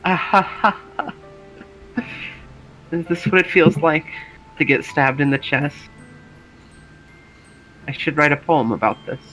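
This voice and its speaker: A man voicing a shy, fragile teenage girl with a crush, reading her lines in a halting, trembling way for a game playthrough. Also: fairly high pitch, pushed and bright, faint music behind. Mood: heartbroken.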